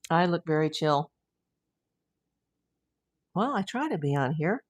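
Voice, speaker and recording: A woman's voice: low-pitched, big pitch swings, unhurried. A woman hosting a casual livestream, chatting with viewers and rambling easily between comments and news. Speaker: true crime livestream host. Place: home.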